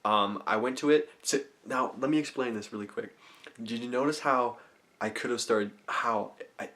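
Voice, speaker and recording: A man talking to camera, walking viewers through a visualization technique, murmuring affirmations softly and explaining in eager, rambling bursts. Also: medium pitch, normal speed. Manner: drops to soft, murmured affirmations, laughing often. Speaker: self-help vlogger. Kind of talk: guided visualization demonstration to camera. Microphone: camera mic.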